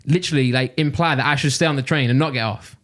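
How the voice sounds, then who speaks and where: A man from Nottingham with a Midlands accent, co-hosting a casual podcast and telling an exasperated, animated story. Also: medium pitch, fast talker. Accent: English Midlands. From Nottingham, England. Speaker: podcast co-host.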